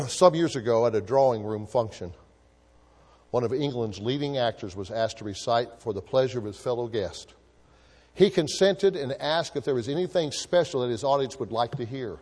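A male guest preacher giving a sermon, swelling from hushed, intimate phrases to loud, ringing storytelling. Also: lowish voice. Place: church sanctuary. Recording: echoey hall reverb.

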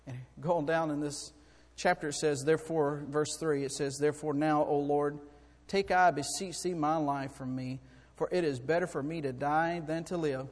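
Impassioned high-voiced preacher in a hall. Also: male voice, steady tone, moderate pace, hardly any pauses. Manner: swings from quiet to loud, impassioned preaching with repeated words. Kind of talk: sermon. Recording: long hall reverb.

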